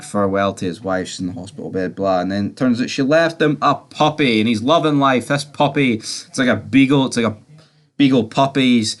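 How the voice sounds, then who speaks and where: A man giving a casual movie review, rambling and chatty, swearing now and then and tagging his points with quick questions to the listener. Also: lowish voice. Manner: rambling and chatty, swears, tags lines with "right?".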